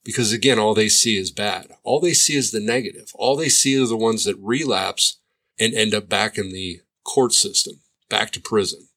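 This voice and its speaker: A man's voice: fairly low pitch, normal speed, bright, forceful tone. A man who runs a treatment program, giving a pointed monologue full of sarcastic rhetorical questions. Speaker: addiction treatment provider. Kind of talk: commentary monologue.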